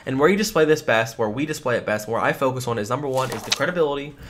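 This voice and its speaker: A man's voice: medium pitch, expressive, rapid-fire, few pauses, fairly bright tone, a little hiss or hum. A man teaching life insurance phone sales in a training lesson, emphatic and repeating his key points.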